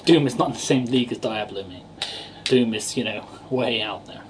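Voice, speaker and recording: A man's voice: mid-range voice, normal speed. A young man in a mid-range voice, co-hosting a casual podcast. He keeps cutting in with jokes and teasing. A faint hiss runs under the recording. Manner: joking, teasing interjections. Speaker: podcast co-host.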